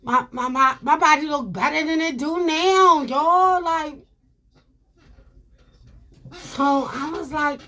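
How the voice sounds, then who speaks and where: A woman telling her viewers a personal story in a casual, animated way, repeating herself and calling them y'all. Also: high voice, takes it slowly, pauses often.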